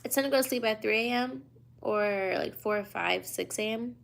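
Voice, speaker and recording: A woman's voice: a little high, moderate pace, creaky. A woman in her twenties from the United States, tired and yawning, chatting casually on a livestream from a hotel room at night. She reads viewer questions aloud and answers in a loose, slangy drawl. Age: 20s.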